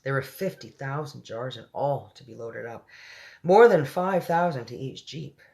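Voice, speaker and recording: A woman's voice: extremely low pitch, normal speed, creaky, a little mellow. A woman reading a children's book aloud, breaking off for chatty asides and laughing at her own slips. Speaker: storyteller.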